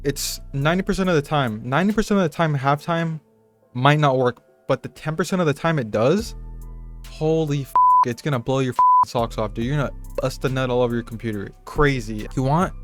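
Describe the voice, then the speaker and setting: A man's voice: mid-range voice, fairly quick, a bit bright, faint music behind. Profane young guy hyping over trap beats. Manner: profane, rambling, hype slang. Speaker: music producer tutorial host. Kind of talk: casual beat-making tutorial. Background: trap beats playing.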